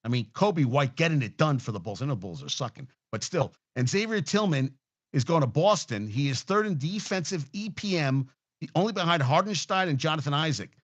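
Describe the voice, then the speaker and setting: A man's voice: on the high side, lively intonation, brisk, muffled recording. Heated, profane sports-talk man. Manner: profane, heated, rambling with restarts. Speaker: sports talk show host. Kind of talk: casual sports rant.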